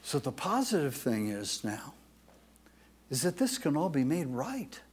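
Slow, husky man preaching. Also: on the high side, big pitch swings. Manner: slow, emphatic preaching, dropping to soft confession. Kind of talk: sermon.

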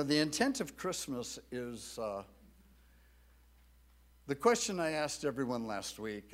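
Male pastor, slow deliberate delivery, animated pitch. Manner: slow, measured preaching with lively rises and falls. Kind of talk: sermon.

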